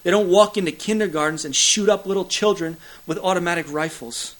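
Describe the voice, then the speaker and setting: A pastor delivers a sermon fairly quickly, rising to loud, emphatic peaks and then sinking into hushed, low lines. He speaks with a repetitive preaching cadence and occasional fillers, captured on a low-quality recording.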